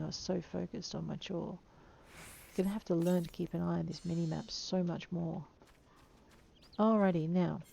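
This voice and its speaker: A woman's voice: lowish voice, vocal fry, dark tone, slight background noise. A woman chatting playfully through her video game, talking to the creatures she meets. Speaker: game player. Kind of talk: let's play commentary.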